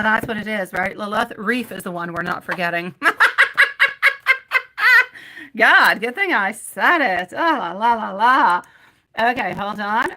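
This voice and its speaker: A woman hosting a live tarot reading, talking straight to her viewers. Her voice is bright and ringing, and she showers them with endearments like sweetie and my love while answering their questions one after another. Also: mid-range voice, poor audio. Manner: chatty, reads out viewer names and questions. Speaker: tarot reader.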